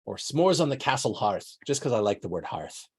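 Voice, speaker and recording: Husky guy hosting a whisky hang, lots of likes and ums, bouncy voice. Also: on the low side. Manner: playful, hesitant, full of fillers. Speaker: co-host. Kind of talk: casual tasting chat.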